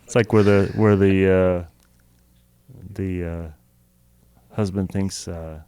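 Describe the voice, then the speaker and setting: A man co-hosting a casual comedy podcast, telling stories in an animated way and laughing often. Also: low-pitched, takes it slowly, clean tone, no room sound. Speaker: podcast co-host.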